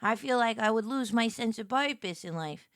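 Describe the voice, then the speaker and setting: A woman streamer chatting casually and joking, swinging between loud squeals and quiet murmurs. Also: on the high side, expressive, moderate pace, no echo, studio quality. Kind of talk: casual live-stream chat.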